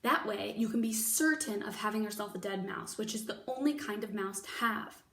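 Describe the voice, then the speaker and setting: A woman voicing a loud, bossy woman cook who shouts orders impatiently, in an echoey room with the mic at a distance. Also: medium pitch, moderate pace, natural voice. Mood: scolding.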